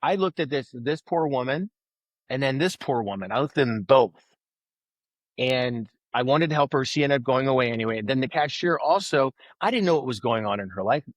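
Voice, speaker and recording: Animated male storyteller, dry close sound. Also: medium pitch, moderate pace, no room sound. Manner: animated storyteller who acts out quoted voices. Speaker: podcast guest, author. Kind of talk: conversational storytelling.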